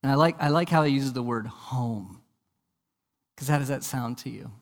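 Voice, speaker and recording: A male pastor delivers a sermon in a large church hall at a moderate pace, his volume shifting from soft and low to loud and emphatic. He asks rhetorical questions and repeats words when starting sentences.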